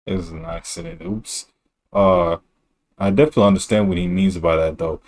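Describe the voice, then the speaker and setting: A man's voice: deep voice, expressive, fairly quick, vocal fry. A male streamer talking in a rambling, slangy and blunt way during a casual reaction stream.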